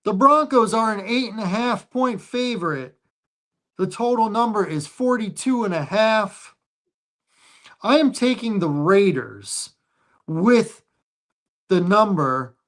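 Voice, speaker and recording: Slow, deliberate sports show host. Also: male voice, high voice, expressive, a bit bright. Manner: slow, deliberate, reads lines and odds. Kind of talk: casual sports picks chat.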